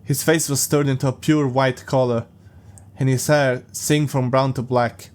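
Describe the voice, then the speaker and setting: A man's voice: mid-range voice, flat delivery, unhurried, darkish tone. A man hosting a podcast, reading a story aloud and breaking off for amused, sarcastic commentary. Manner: amused, sarcastic asides, laughs often. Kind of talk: casual reading with mocking commentary.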